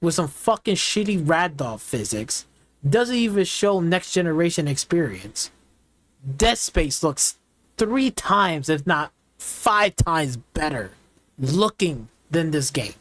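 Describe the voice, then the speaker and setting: A man's voice: a little high, a bit bright. A man hosting a gaming channel who gives a profane, mocking and repetitive rant in reaction to game footage. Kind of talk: ranting game reaction commentary.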